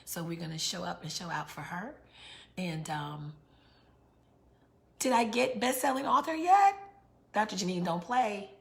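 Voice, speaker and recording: A woman's voice: lowish voice, lively intonation, measured pace, vocal fry, pauses often. A middle-aged woman from New York, hosting a live book launch, chatting casually and reading out viewer comments. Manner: chatty, repeats words, reads out viewer comments.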